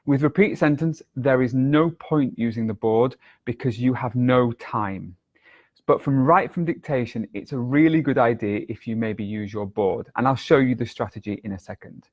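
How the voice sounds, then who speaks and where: A man tutoring for an English exam delivers a video lesson, clear and deliberate, stretching his intonation to illustrate points. His pitch is medium and the recording sounds muffled.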